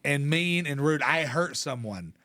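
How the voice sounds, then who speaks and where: A man co-hosting a podcast, teasing and mocking his friends with quick interruptions. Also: on the high side, lively intonation, bright, forceful tone. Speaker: podcast co-host. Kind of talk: casual podcast banter.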